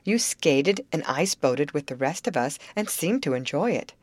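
A woman's voice: low-pitched, animated, normal speed, dry recording. A woman voicing Betty, a sensible teenage girl who keeps the peace, speaking in an earnest, coaxing way. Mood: teasing.

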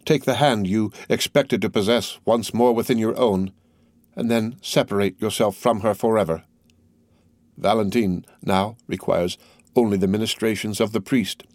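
A man reading the part of a composed, grieving older father who speaks in a measured, solemn way. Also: on the low side, fairly even intonation, darkish tone, no echo, studio quality, lightly acted.

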